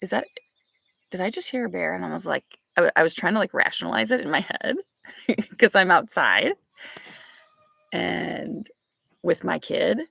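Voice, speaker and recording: A woman's voice: fairly low pitch, expressive, normal speed, gravelly, pauses often, pushed and bright, husky, no echo. A young woman, chatting casually with viewers and telling a story, laughing often, recorded on a back porch. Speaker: vlogger. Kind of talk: casual chat with live viewers.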